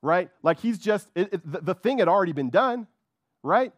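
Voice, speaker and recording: A man's voice: sits high, expressive, moderate pace, no room sound, clean studio sound. A man preaching a sermon with fervor, repeating words and often checking in with "right?". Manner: fervent, repeats words, keeps asking "right?".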